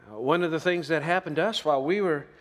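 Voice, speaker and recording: A man preaches in a relaxed, talky way, pushing his voice up for emphasis and checking in with his listeners. His voice rings out with the long reverb of a large hall. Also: fairly high pitch, fast. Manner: conversational preaching with emphatic rises and "right?" asides. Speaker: pastor. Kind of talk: sermon.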